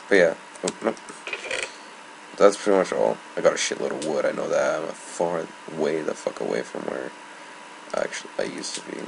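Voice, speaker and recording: Irritated young dude swearing through his game, deep gravelly voice, hissy noisy recording. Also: animated, moderate pace, pauses often. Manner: annoyed, swearing, rambling. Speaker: gamer. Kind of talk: casual gameplay commentary.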